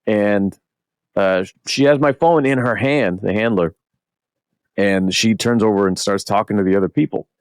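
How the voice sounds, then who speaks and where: A middle-aged man, a podcast host, telling a long convention story in casual chat, animated and swearing often. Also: lowish voice, moderate pace, smooth, dry recording, studio quality.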